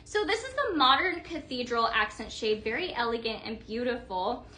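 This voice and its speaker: A woman's voice: a little high, lively intonation, moderate pace, pushed and bright. A woman presenting home decor products on a live stream, gushing over each piece and chatting with her viewers.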